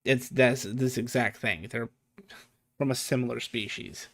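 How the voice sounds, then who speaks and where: A man in the game-master seat, narrating a fantasy scene at a mid pitch for a man. He thinks aloud as he goes, with plenty of ums and restarts and an amused edge. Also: fairly even intonation, unhurried, a bit bright.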